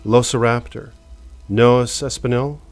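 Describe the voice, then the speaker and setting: A man voicing a brisk, blunt woman doctor who gives curt commands. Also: mid-range voice, steady tone, soft background music, close to an everyday voice.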